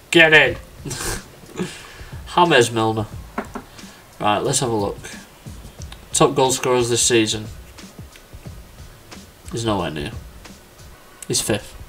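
Over faint background music, a young man with a mid-range voice talks casually through a football management game for his YouTube channel. He stays chatty and excitable, often breaking into quick laughs and exclamations.

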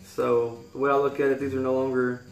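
A man's voice: mid-range voice, little pitch movement, fairly quick. A man in his thirties with a Kentucky Southern accent, reading a poem and then talking earnestly in a vlog, rambling and restarting his sentences. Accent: Kentucky Southern American. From Kentucky, USA. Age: 30s. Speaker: YouTuber. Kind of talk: poetry reading and heartfelt vlog talk. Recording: roomy echo with faint guitar music.

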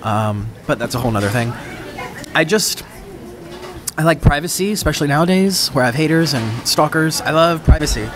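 With crowd sounds and other background noise behind him, a man eats on camera and talks casually into his own microphone. This mukbang vlogger's story is rambling, chatty, and dramatic, full of self-interruptions, told in a fairly high, animated voice at a fairly quick pace.

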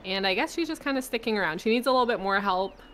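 A young woman chatting casually on a stream, talking in a relaxed, meandering way. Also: mid-range voice, fast talker, a little hiss or hum, low-quality recording. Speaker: stream guest. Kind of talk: casual chat.

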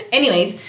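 A woman's voice: extremely high pitch, a bit bright, a little hiss or hum. A bubbly woman in her twenties, chatting casually as a podcast guest, giggling often and saying "like" a lot. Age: 20s.

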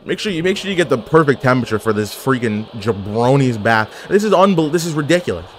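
A man at a mid pitch talks over his own online wrestling match, hyping himself up and trash-talking his opponent. He jokes and swears freely and throws in wrestling slang. A faint hum of noise sits behind his voice. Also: expressive, fast. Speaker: gaming video creator.

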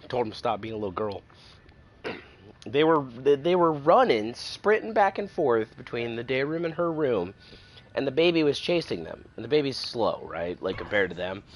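A man chatting on his live stream through a headset, telling stories in an animated way and swearing freely. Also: medium pitch, unhurried, slight background noise. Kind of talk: casual chat on a live stream.

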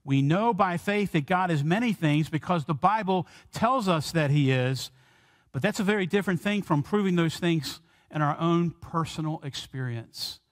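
A man preaching a sermon, earnest, slowing and lifting his voice when he quotes prayers. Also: fairly high pitch, lively intonation. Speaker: pastor. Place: church sanctuary. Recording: long church hall reverb.

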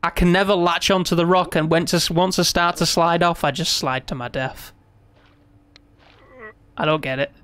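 A man streaming live gameplay, frustrated and swearing, then coaxing himself to stay calm. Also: fairly high pitch, normal speed, pauses often.

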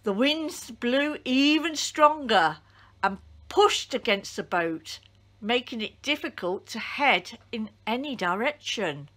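A woman reading a children's Bible story aloud as a church storyteller, deliberate and expressive. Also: a little high.

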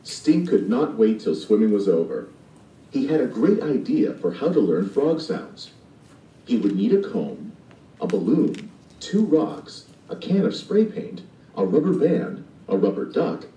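A man reads a children's storybook aloud at an unhurried pace, acting out the sound effects. His pitch is highly animated and his tone is mellow. It comes from a distance with a roomy echo. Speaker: storybook narrator. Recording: distant and echoey playback.

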